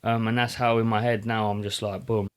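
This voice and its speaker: A man's voice: fairly low pitch, level tone, a little fast, smooth. A man, a boxer, talking earnestly and reflectively in a casual podcast chat. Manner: earnest, reflective, many fillers. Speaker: boxer guest.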